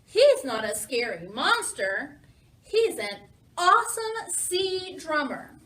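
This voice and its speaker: Laid-back storybook cat captain, voiced by a woman reader; cheerful, unhurried. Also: sits high, sing-song, a bit bright, roomy sound, distant mic, exaggerated voice. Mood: upbeat.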